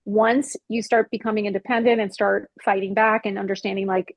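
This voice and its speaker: A woman's voice: medium pitch, level tone, a little fast, few pauses, no room sound, highs cut off. A woman in her fifties, a podcast guest, telling a personal story in a frank, emphatic way and acting out old arguments. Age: 50s.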